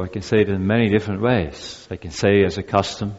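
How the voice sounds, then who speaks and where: A man's voice: lowish voice, brisk, few pauses, a little mellow. A male pastor preaching a sermon to his congregation in an earnest, repetitive cadence. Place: church. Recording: dull, echoey church recording.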